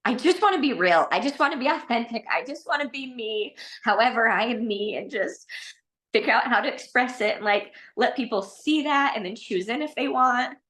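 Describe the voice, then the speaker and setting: A woman's voice: fairly high pitch, lively intonation, moderate pace, a bit bright. A woman speaking candidly in a personal coaching session, rambling and hesitant with nervous laughter. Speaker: coaching client.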